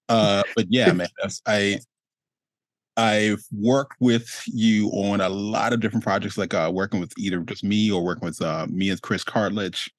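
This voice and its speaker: A man hosting a relaxed, rambling interview over a video call, with plenty of fillers. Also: on the low side, normal speed, no echo. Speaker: host. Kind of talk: casual interview chat.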